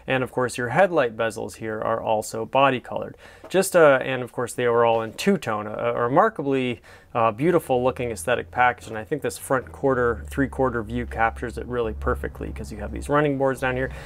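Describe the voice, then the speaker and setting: A man with a smooth, resonant voice at an everyday middle pitch, talking through a car listing. He gushes with enthusiasm and rambles loosely, full of ums and restarts, in a relaxed commentary style. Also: brisk. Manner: gushing, enthusiastic, meandering with fillers. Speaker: car reviewer. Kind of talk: casual commentary over photos.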